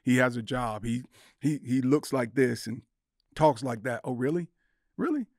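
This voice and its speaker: A man's voice: medium pitch, steady tone, measured pace, a little mellow, dry recording, clean studio sound. A man in his sixties, a podcast guest, talking earnestly in a casual conversation and acting out quoted dialogue. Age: 60s.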